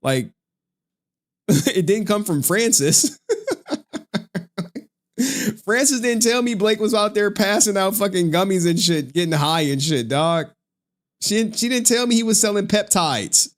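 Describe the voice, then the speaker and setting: A man's voice: sits high, animated, a little slow, long pauses. A man on a livestream ranting in a slangy, profane, trash-talking style, laughing often. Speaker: streamer.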